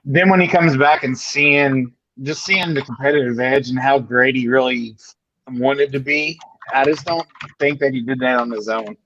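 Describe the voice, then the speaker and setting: A man's voice: medium pitch, fairly even intonation, moderate pace, fairly bright tone, a little hiss or hum. A man chatting casually on a live stream, giving his opinions in long, rambling sentences. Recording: dull, muffled call audio.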